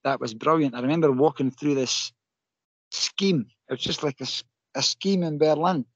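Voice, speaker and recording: A Scottish man, a podcast guest, telling a story in an animated, emotional way and laughing often. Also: a little high, moderate pace, breathy edge, no echo, muffled recording. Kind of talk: casual storytelling.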